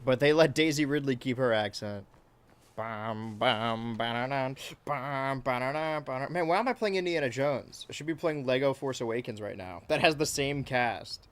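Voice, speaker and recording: A male game streamer at a middling pitch, chatting casually while he plays. He rambles between the game and chat questions, swearing freely as he goes. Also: animated, fairly quick, few pauses. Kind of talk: casual let's-play commentary.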